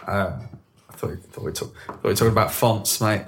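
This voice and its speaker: A man's voice: fairly low pitch, fairly quick. A man hosting a casual podcast, joking, teasing and swearing freely with friends. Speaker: podcast host. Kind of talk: casual banter among friends.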